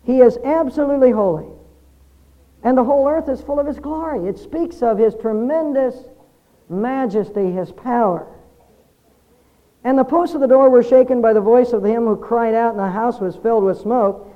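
A man's voice: extremely high pitch, moderate pace. A man preaching a sermon, explaining scripture earnestly and building emphasis through repetition. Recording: dull lo-fi sermon recording.

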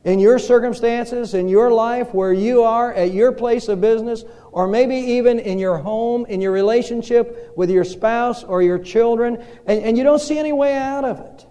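High-voiced preacher in an echoing hall. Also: male voice, mellow. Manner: slow, dramatic storytelling with pauses. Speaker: pastor. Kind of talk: sermon. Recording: reverberant hall.

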